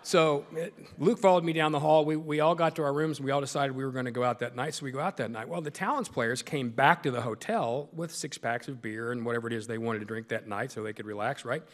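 A man's voice: medium pitch, fast, hardly any pauses, long reverb tail. A man giving a humorous storytelling speech as a guest speaker, full of self-deprecating jokes. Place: large meeting hall.

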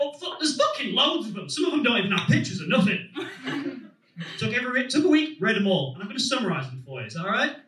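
A young man with a Manchester accent works a comedy stage, his voice high and swinging wildly up and down. He swears freely and sounds bright and edgy. The sound is echoey and picked up from a little way off. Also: fast talker, recorded from a distance. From England. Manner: animated, swears freely, shouts put-on voices. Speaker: stand-up comedian. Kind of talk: stand-up comedy set.

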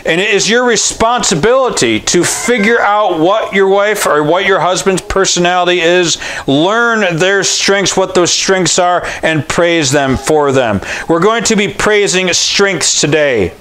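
Male pastor with a higher-pitched voice, preaching in a loose, joking style with frequent restarts. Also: measured pace, few pauses, fairly bright tone. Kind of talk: conversational sermon.

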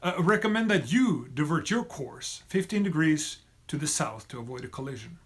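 A calm, unbothered lighthouse keeper, as a man reads him. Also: a little high, moderate pace, close to an everyday voice.

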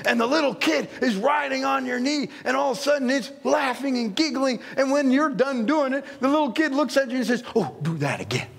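High, gravelly-voiced male pastor. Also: a little fast, hardly any pauses, a bit bright, big-room sound. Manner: storytelling, acting out little scenes. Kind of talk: sermon. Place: church sanctuary.

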